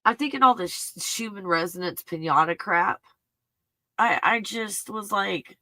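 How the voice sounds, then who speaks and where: Bright, effusive woman hosting a live stream. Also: mid-range voice, moderate pace, dry recording. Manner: effusive and emotional, gushing with exclamations. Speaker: host of a spiritual healing live stream. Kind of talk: live-stream talk reading viewer comments.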